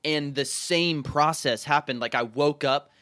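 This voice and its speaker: A young man in casual chat, easygoing and quick to laugh, telling stories loosely with plenty of filler words. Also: a little high, a bit bright, no room sound, studio quality. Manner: easygoing, laughs often, says "dude" and "like".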